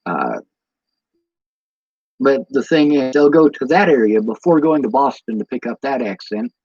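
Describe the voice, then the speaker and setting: A man's voice: mid-range voice, big pitch swings, normal speed, a little mellow, husky, no echo. A tired man with a Midwestern American accent, rambling casually to his livestream chat and drifting off on tangents. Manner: meandering, goes off on tangents, many ums. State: tired from lack of sleep. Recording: dull lo-fi stream audio.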